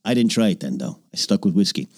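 A man in character as an aging, boastful old-Hollywood film producer who hosts a comedy podcast, rambling and name-dropping, sometimes dropping into low confidential mutters. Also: very animated, fast, no echo, clean studio sound. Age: older. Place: small home recording nook.

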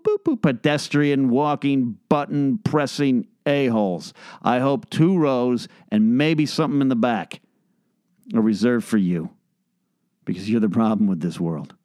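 Exasperated man ranting, smooth dry voice. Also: a little mellow, dry recording. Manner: exasperated, sarcastic, mimics beeping in a high squeal. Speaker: podcast host. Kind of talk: comedic solo rant. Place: home bedroom.

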